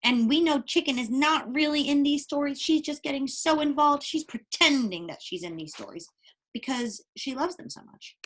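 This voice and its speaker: A woman's voice: sits high, animated, moderate pace. A woman, a teacher, reading a picture book aloud and talking expressively about it, asking her listeners questions.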